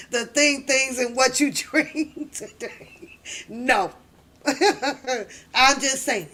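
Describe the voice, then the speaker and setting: A middle-aged woman hosting a casual live chat, telling stories loudly, laughing often and cursing freely. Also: high voice, very slow, pauses often. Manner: loud, laughing, profane storytelling. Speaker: livestream host.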